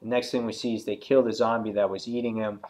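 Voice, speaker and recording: A man reviewing a comic book in casual talk, retelling scenes excitedly with many fillers and acting out the characters' lines. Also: fairly low pitch, fast. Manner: loose and rambling, many fillers.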